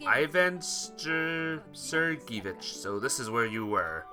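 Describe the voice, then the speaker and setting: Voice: medium pitch, animated, slow, few pauses. A streamer reading a visual novel aloud, greeting viewers between lines. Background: guitar music.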